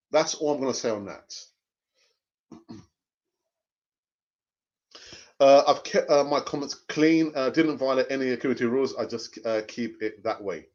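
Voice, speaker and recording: A man's voice: medium pitch, moderate pace. Passionate man on a dull lo-fi stream. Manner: passionate, repeats phrases for emphasis. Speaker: fan channel live stream host. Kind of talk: live stream chat reading viewer comments.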